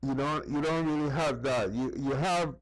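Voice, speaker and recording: A man's voice: mid-range voice, normal speed, no room sound, low-quality recording. A man vlogging in a casual, chatty way, often checking in with the listener as he talks. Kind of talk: casual commentary to camera.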